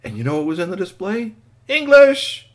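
A man narrating a children's story in an animated way, adding sound effects and asides. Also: high voice, quick pace.

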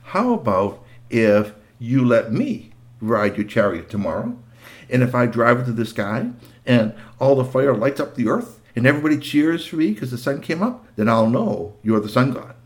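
A man voicing an eager, boastful teenage boy who pleads and crows in a high voice. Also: sing-song, normal speed, lightly acted. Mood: pushy.

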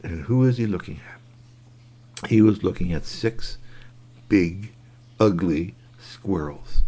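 A man telling a bedtime story to a child, animated, with sound effects and asides to the listener. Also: lowish voice, measured pace, slightly rough.

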